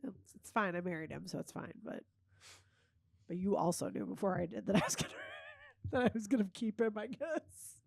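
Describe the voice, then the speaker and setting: Gravelly-voiced woman hosting a podcast, chatty and giggly, dry mic. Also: medium pitch, normal speed, a little mellow, dry recording. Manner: laughs often, chatty storytelling. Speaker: podcast host. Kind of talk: casual chat.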